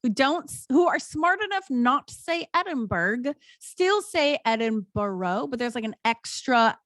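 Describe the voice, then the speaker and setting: A young adult woman with an American accent, co-hosting a podcast, talking in an animated, self-mocking way. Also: sits high, normal speed, no room sound, studio quality. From United States. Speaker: podcast co-host. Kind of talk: casual chat.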